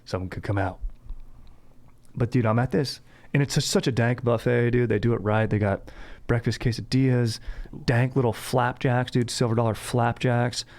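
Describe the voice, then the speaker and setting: A man's voice: medium pitch, fairly even intonation, moderate pace, a little mellow. A young man hosting a podcast in laid-back, slangy casual chat, peppering his talk with "dude". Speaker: podcast host.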